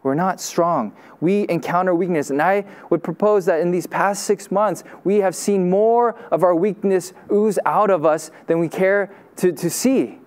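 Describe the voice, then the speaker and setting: Male pastor, sermon delivery, earnest and emphatic, slightly high-pitched, phrase endings drop low and soft. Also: measured pace, hardly any pauses.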